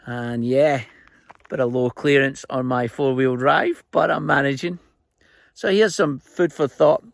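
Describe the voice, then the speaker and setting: In a dry recording, a Scotsman who seems to be in his fifties speaks at a measured pace in a mid-range voice with vocal fry. He's a fly-tying vlogger, casually spinning chatty, jokey, rambling anecdotes by a remote road outdoors.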